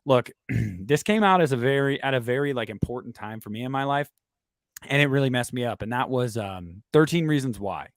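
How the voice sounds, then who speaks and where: A man co-hosting a casual horror talk stream, animated and emotional, swearing now and then. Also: mid-range voice, a little fast, no echo, clean studio sound. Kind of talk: casual chat.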